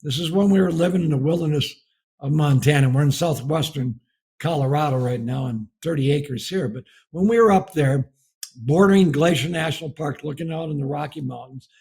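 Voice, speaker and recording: This middle-aged American speaker on marriage gives a folksy sermon built on storytelling, laughing through it. His husky voice runs a little high and a little mellow, at a normal pace.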